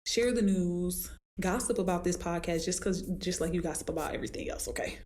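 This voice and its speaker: A woman hosting a solo podcast as a fitness trainer, talking casually and acting out her clients in high squeaky voices as she tells stories. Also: brisk. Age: adult with a daughter. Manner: animated storytelling, acts out clients in high voices.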